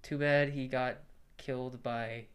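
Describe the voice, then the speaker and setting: A young man chats casually as a podcast co-host, with a voice of ordinary middle height. He jokes in a dry, deadpan way and stays playful. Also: medium pitch, slow pace. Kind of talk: casual chat.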